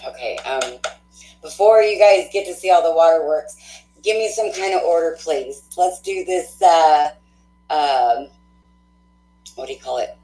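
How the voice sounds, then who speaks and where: A woman hosting a live tarot stream, chatting casually with viewers, effusive and quick to laugh, thinking aloud with fillers. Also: deep voice, lively intonation, dark tone, reverberant, a little hiss or hum, poor audio.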